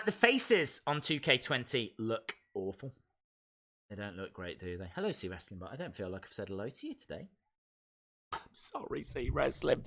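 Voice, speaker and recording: A man's voice: mid-range voice, a bit bright. A man hosting a live wrestling reaction stream, chatting with viewers and ranting in mock outrage. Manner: chatty, mock-outraged, reads out chat messages. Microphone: desk microphone.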